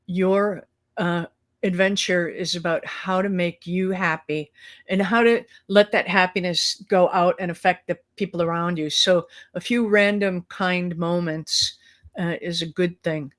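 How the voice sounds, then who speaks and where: A bit slow and fairly even in intonation, her voice sits on the low side. As co-host of a live talk show held over video call, the middle-aged woman chats casually, wandering through fillers and restarts.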